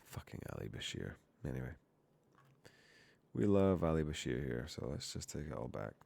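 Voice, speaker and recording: A man's voice: a bass voice, very animated, moderate pace, gravelly, a little mellow, no room sound. A young man streaming while coding, rambling and profane, often cutting himself off mid-word. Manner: rambling, profane, self-interrupting. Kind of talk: casual live-stream chat while coding.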